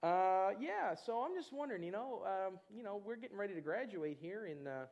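A man preaching, telling a personal testimony in an animated storytelling way and acting out other people's voices. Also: high-pitched, a little fast, dull audio. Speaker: pastor. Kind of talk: testimony in a church sermon.

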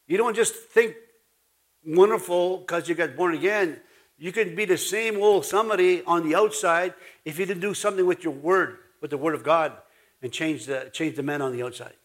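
A pastor whose voice is a little high preaches at normal speed in a folksy manner. With an Ojibwe-influenced Canadian English accent, he jokes with his congregation and calls on them to answer back.

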